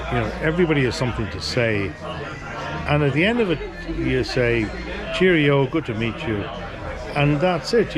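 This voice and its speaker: A middle-aged man with an Irish accent, vlogging to a handheld camera in an easygoing, rambling way with plenty of fillers. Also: mid-range voice. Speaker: travel vlogger. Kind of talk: casual chat to camera. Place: outdoors on a busy street. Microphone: handheld action camera. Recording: outdoor street noise behind.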